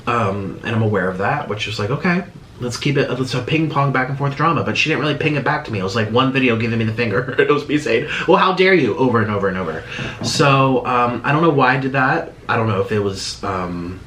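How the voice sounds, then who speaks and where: A man's voice: medium pitch, lively intonation, fast, a bit bright. A man reacting to a video in casual commentary, rambling and restarting his sentences with sarcastic asides. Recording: echoey room with faint noise.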